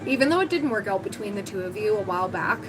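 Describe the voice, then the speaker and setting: A woman's voice: medium pitch, expressive, quick pace, rough recording. Woman, tarot reader, livestream, casual, rambling with fillers, music behind. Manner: chatty, filler-heavy, thinking aloud. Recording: music playing under the voice.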